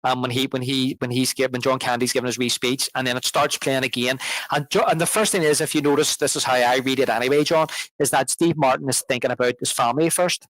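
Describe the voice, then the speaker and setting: A man co-hosting a casual film podcast, middle of the range in pitch. He rambles, restarts often and retells scenes at length. The sound is dry and close. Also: steady tone, brisk, a bit bright, no room sound, low-quality recording. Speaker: podcast co-host. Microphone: podcast microphone.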